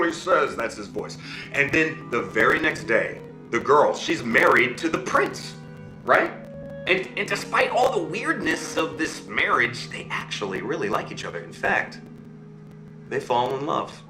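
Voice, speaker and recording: Animated man telling a fairy tale. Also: a little high, measured pace, echoey room, over music, poor audio. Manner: animated, checks in with listeners ("okay?", "right?"). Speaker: storyteller. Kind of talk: oral storytelling.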